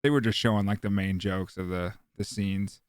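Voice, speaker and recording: A man's voice: deep voice, fairly even intonation, normal speed, clear, resonant tone, no room sound. A laid-back man co-hosting a podcast in casual chat, talking bluntly.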